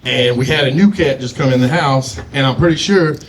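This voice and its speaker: A man's voice: mid-range voice, fairly quick. A man doing a stand-up comedy set, telling loose stories with frequent asides to the crowd. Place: comedy showcase stage.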